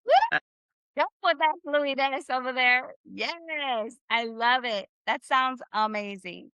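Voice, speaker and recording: A woman teaching Spanish in a live online class, upbeat and encouraging, slowly drilling phrases with her students. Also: high voice, steady tone, sharp tone, clean tone, no room sound, highs cut off.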